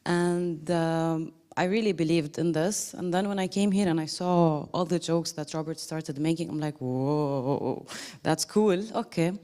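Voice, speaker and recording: A woman's voice: sits low, steady tone, normal speed, few pauses, dark tone. A woman giving a casual, emotional thank-you speech to a group, laughing often and quoting others.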